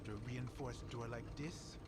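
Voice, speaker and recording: A man's voice: mid-range voice, fairly even intonation, moderate pace, natural voice. An actor playing a dry, matter-of-fact male investigator in a horror game. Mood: wary.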